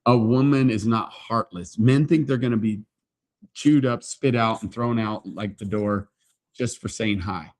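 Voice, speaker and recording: A man co-hosting a casual chat as a matchmaker, talking in a playful, teasing and animated way. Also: lowish voice, a little slow. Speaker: matchmaker and co-host.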